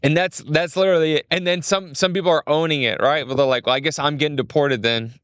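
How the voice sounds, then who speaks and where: A young adult man, chatting casually as a podcast guest, animated and acting out quotes with big pitch jumps. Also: fast talker, smooth, dry recording. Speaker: creative director, guest.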